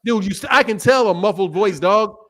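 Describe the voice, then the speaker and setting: This boxing channel host has a high, brisk, slightly bright voice. He argues heatedly on his talk show, combative and profane, interrupting and swearing throughout the debate.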